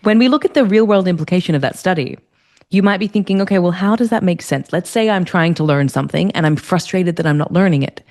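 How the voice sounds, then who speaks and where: A woman, a leadership strategist, speaking as an interview guest and explaining ideas clearly and fluently. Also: lowish voice, fast. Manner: articulate, warm, explanatory. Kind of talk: conversational interview.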